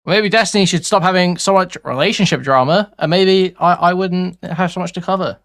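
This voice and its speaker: A man's voice: sits high, brisk, a bit bright. A man reacting to a stream clip, blunt and sarcastic, with frequent profanity. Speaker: drama commentary YouTuber. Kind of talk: reaction commentary.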